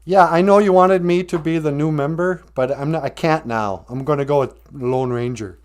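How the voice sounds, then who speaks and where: A man voicing an eager, apologetic male sidekick who talks in a hurried way. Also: a little high, pitched above the performer's own voice, lightly acted.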